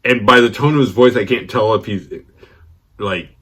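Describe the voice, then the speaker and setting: A man hosting a horror movie channel, telling a rambling, profane story casually and getting animated when he quotes others. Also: on the low side, moderate pace. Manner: rambling, profane, restarts mid-sentence. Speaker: horror movie review host.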